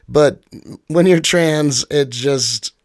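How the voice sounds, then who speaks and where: Light, giggly male guest telling stories, dry close studio sound, slightly high voice. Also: very slow, no room sound. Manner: giggly, self-deprecating, acts out his own reactions. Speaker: author guest. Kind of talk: casual storytelling interview.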